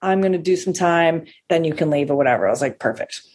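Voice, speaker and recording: A woman comedian telling a long profane anecdote, animated and acting out the people she quotes. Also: low voice, quick pace, slightly rough. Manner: animated, acts out quoted voices, swears freely. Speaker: stand-up comedian.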